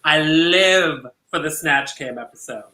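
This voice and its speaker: A man's voice: a little high, unhurried, bright, forceful tone, roomy sound. A man co-hosting a live drag review chat, campy and gushing, laughing often. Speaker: co-host of a drag review show. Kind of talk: casual live-stream chat.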